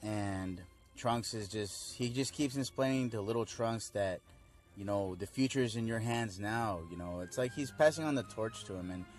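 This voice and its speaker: A young man rambles through a casual episode recap in a lowish voice, laid-back and full of fillers. Faint music sits under him. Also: moderate pace. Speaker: fan video reviewer.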